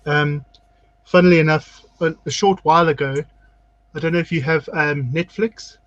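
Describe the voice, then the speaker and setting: Man, drag queen host, slightly high voice, dry close sound, chatty storyteller, video call. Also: fairly even intonation, normal speed, a bit bright, dry recording, muffled recording. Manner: chatty storyteller, acts out quotes. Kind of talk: casual chat while doing makeup.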